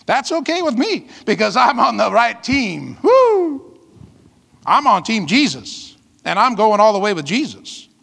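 A man's voice: sits high, sing-song, a little slow, gravelly, bright, forceful tone, breathy edge. A man pastor preaching a sermon with emphatic, fiery delivery and call-outs to the congregation. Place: church hall. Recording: long reverb of a large hall.

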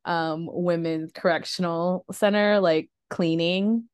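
Young woman, podcast host, lower pitch, smooth clear voice, dry close sound, rambling casual talk. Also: steady tone, takes it slowly, no echo. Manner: rambling, trails off with fillers and nervous laughs. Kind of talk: casual conversation about grief.

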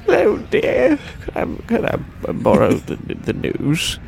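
A fussing, doting old woman coos over a young man, her breathy voice wavering and climbing high before dropping again. A man plays her as an improvised comic bit. A gravelly edge sits under the voice. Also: wildly swooping pitch, slow pace, darkish tone, heavily acted. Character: chatty old woman named Deirdre, doting. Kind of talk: improvised comic role-play.

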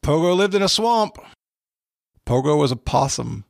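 A man's voice: fairly high pitch, big pitch swings, moderate pace, creaky, no room sound, studio quality. A man hosting a casual trivia game, reading questions and teasing the players playfully. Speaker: trivia quiz host.

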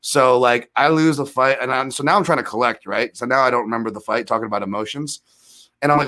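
Man, 30s, rambling and self-deprecating, mid-pitched voice, animated storyteller. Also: brisk. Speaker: guest, MMA analyst. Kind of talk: casual storytelling in a podcast interview.

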